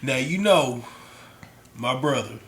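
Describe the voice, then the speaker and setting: A young adult man co-hosting a casual podcast, telling funny stories and acting out the quotes with laughter. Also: takes it slowly. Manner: animated storyteller, acts out quotes with big pitch jumps and laughter. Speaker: podcast co-host.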